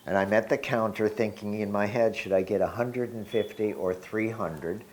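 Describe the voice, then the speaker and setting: Low-voiced man in his sixties, reflective. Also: fairly even intonation. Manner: unhurried, reflective, laughs softly. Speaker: devotee telling his story. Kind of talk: personal storytelling.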